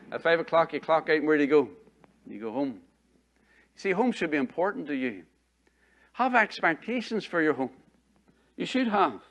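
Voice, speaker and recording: A middle-aged pastor with a slightly high voice, its upper frequencies cut off, gives a conversational sermon. He repeats phrases and poses rhetorical questions to his congregation.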